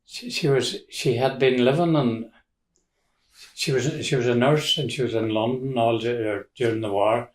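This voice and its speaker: Here an older interviewee from Donegal, with an Irish accent, wanders through family stories casually, chuckling and starting over now and then. He speaks at medium pitch with a steady tone and moderate pace, captured in a room with noticeable echo.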